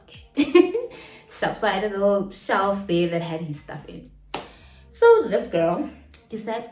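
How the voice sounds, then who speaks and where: A young woman with a South African accent, telling a dramatic personal story to camera in a casual, animated way and laughing often. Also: mid-range voice, moderate pace, echoey room, soft background music. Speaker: storytime vlogger.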